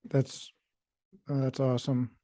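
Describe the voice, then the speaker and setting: A man's voice: medium pitch, flat delivery, takes it slowly, mellow, no room sound, studio quality. A man hosting a podcast interview, asking supportive, searching questions full of fillers. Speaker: podcast host.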